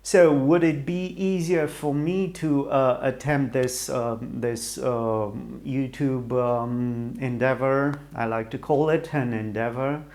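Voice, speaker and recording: A man's voice: mid-range voice, fairly even intonation, slow pace, hardly any pauses, a little mellow. A middle-aged man from Romania with a Romanian accent, talking to camera in a hesitant, rambling way and often searching for the right English words. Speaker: YouTuber. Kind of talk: rambling solo talk to camera.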